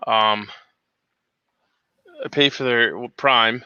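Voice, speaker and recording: A man's voice: mid-range voice, steady tone, slow pace, sharp tone, clean tone, no room sound, lo-fi sound. A man hosting a casual morning talk show, rambling and cursing freely with many restarts. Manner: rambling, profane, restarts often. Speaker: podcast host.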